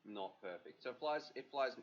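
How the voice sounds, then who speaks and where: A man's voice: medium pitch, lively intonation, normal speed, a little hiss or hum. A man hosting a livestream, chatting casually and rambling with plenty of fillers. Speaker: livestream host. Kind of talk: casual chat. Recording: dull lo-fi livestream audio.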